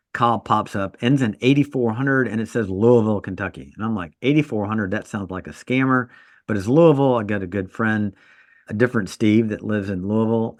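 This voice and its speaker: A man's voice: lowish voice, no echo, clean studio sound. A man co-hosting a podcast, a trauma surgeon telling stories in casual chat and laughing at his own jokes.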